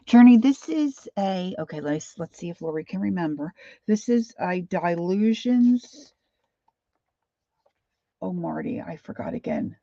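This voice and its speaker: A woman's voice: lowish voice, lively intonation, a little slow, vocal fry, warm tone, dry recording, dull audio. An older woman chatting casually while she paints live, rambling and reading viewer comments aloud. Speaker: painting instructor. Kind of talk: live painting stream chat.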